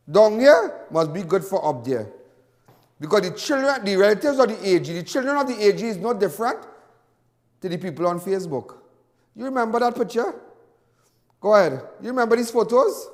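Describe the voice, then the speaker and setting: A man's voice: extremely high pitch, in a large hall. A Trinidadian man hosting a show, delivering a fiery, mocking political monologue and repeating lines for emphasis. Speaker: host.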